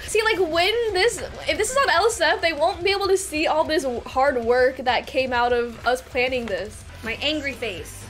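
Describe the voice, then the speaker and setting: Woman streamer with a very high, giggly voice, casual livestream talk, music playing clearly behind her. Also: big pitch swings, normal speed, few pauses. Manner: giggly, cursing, breaking into laughter.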